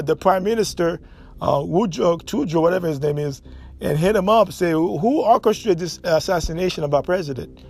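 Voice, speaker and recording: A man's voice: high-pitched, darkish tone. A Haitian man hosting his own podcast, talking in an emphatic, repetitive monologue full of restarts. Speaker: podcast host.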